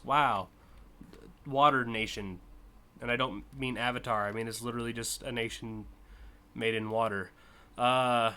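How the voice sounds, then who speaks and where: This chatty American streamer is male, with a bright, medium-pitched voice. Hosting a community car contest, he gives rambling live-stream commentary full of "uh" and "like" and quick laughs.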